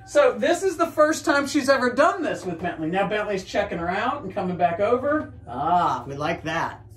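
A woman dog trainer explaining a training drill in a calm, steady way, with coaxing sing-song talk to the dogs in between. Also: medium pitch, normal speed. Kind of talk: hands-on training demonstration. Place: indoors with dogs. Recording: roomy sound from a distance, faint music.

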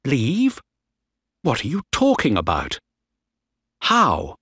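A man's voice: mid-range voice, huge pitch swings, takes it slowly, sharp tone, slightly rough, no room sound, voice pushed up, exaggerated voice. A man voicing a worried male sailor who urgently pleads with a friend. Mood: pleading.

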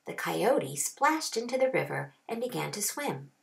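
A woman kindergarten teacher reading a picture book aloud, expressive with drawn-out phrases. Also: medium pitch, gravelly.

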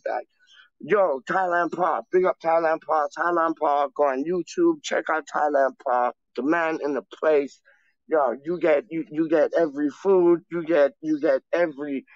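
A man's voice: a little high, no room sound, muffled recording. A man hosting his own channel, chatting casually in slang and rambling on a livestream, calling everyone "dog". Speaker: channel host. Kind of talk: casual livestream chat and freestyle rap.

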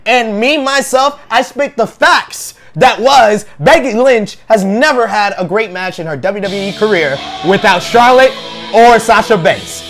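A man's voice: sits high, unhurried, fairly bright tone, soft background music. A man co-hosting a heated wrestling debate, blunt and mocking as he argues his point. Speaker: co-host.

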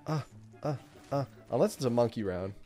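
A man's voice: medium pitch, expressive, a little fast, over music. Laid-back swearing man on a gaming stream. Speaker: gaming channel host. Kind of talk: casual gaming chat.

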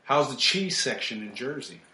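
Brief: male podcast co-host, mid-low pitch, emphatic, repeats himself for punch; roomy, echoey sound. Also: lively intonation, moderate pace, sharp tone. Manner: emphatic, repeats short phrases for effect. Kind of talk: casual chat.

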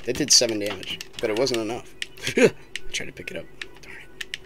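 A woman's voice: rumbling low, brisk, a bit bright, slight background noise. A woman playing a roguelike and chatting with a child in a casual, playful, teasing way, recorded on a laptop webcam mic. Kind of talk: casual let's-play commentary.

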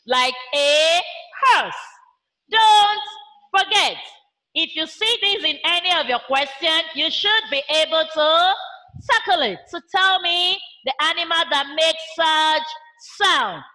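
Nigerian lady teaching little kids, super slow, bright high voice, does animal noises. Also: lively intonation. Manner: slow, sing-song, imitates animal sounds. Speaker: primary school teacher. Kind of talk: online class for young children.

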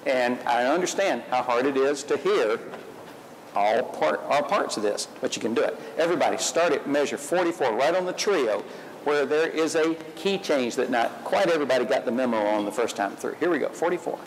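A man's voice: medium pitch, lively intonation, brisk, slight background noise, low-quality recording. A man leading a school band rehearsal, giving upbeat, encouraging instructions and singing the rhythms on syllables. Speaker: band clinician conducting a rehearsal.

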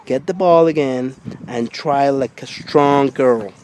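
A man coaching his young daughter at basketball outdoors, coaxing and repeating encouragement, sometimes rising to loud urging. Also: takes it slowly. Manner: encouraging, repetitive coaxing, gets loud and high when urging. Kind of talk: casual coaching. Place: outdoors by a hoop. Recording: faint outdoor background noise.

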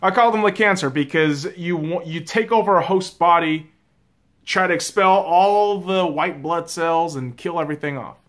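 A man's voice: a little high, normal speed, fairly bright tone. A man hosting his own sports vlog, ranting casually with a lot of swearing and addressing his audience as boys and girls. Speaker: sports vlogger. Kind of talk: casual profane rant.

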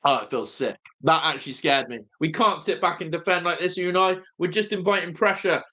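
Young man, fan watch-along host, high voice, bright and forceful, anxious, excitable. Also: brisk. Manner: anxious, excitable, swings from groaning to shouting.

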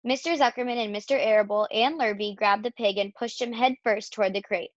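A woman reads a children's storybook aloud at a middle pitch, changing her voice for each character. The sound is dull and lo-fi, with no room echo at all. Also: fairly even intonation, brisk. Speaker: storybook reader. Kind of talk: reading a children's novel aloud. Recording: dull lo-fi dry recording.

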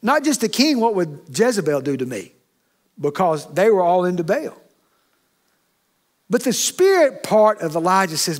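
A man's voice: sits high, big pitch swings, moderate pace. A middle-aged man, preaching a sermon as associate pastor in a folksy manner, checking in with the congregation often. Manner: folksy, with frequent "okay?" and "amen?" asides to the congregation.

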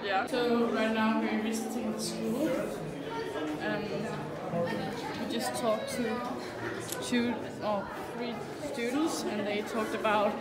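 A woman's voice: a little high, flat delivery, slow. A young woman with a Danish accent, chatting casually about a school visit. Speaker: student vlogger. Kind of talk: casual vlog report. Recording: echoey room, loud crowd.

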